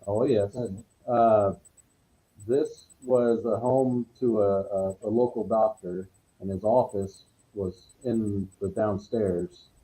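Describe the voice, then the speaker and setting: Very deep, dark-voiced middle-aged man. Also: steady tone, poor audio. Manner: halting, many fillers. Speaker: podcast guest. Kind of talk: casual storytelling.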